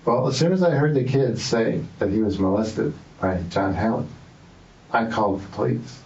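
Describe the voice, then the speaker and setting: A man's voice: on the low side, moderate pace, gravelly, darkish tone, slight background noise. Guy rambling and repeating himself under questioning, dull lo-fi echoey room sound. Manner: rambling, repetitive, defensive. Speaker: suspect in police interrogation. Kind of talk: interrogation interview. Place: interrogation room.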